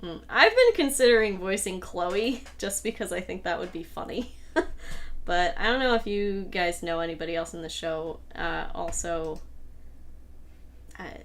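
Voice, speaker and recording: A woman hosting a casual livestream Q&A, talking loosely with fillers and quick laughs. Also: on the low side, animated. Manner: chatty, rambling with fillers and laughs. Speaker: host and creator of the audio drama.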